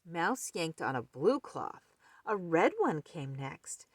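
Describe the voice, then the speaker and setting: A woman reading a children's picture book aloud, slow and expressive. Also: deep voice, no room sound, studio quality. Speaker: storyteller.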